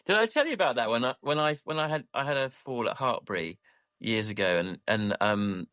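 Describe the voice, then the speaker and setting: A man's voice: medium pitch, lively intonation, brisk, a bit bright, no echo. A man, a podcast co-host and horse rider, chatting in a reassuring, storytelling way. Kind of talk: casual podcast chat.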